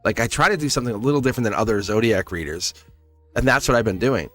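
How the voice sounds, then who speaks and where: Laid-back guy rambling to his stream chat, lots of little laughs, quiet music behind. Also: mid-range voice, quick pace. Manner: rambling, encouraging, laughs often; talks straight to chat viewers. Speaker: tarot reader streaming live. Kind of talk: casual livestream chat.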